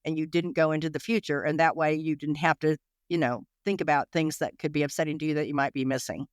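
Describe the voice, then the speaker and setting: A woman's voice: sits low, steady tone, no echo, studio quality. A woman guest in an interview, recounting her experiences in a candid, emotional way with many restarts and fillers. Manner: rapid, emotional, full of restarts and "you know".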